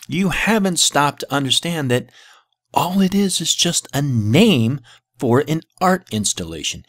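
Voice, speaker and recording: A man's voice: medium pitch, no echo, clean studio sound. A man giving sarcastic, exasperated reaction commentary, debunking a video he plays.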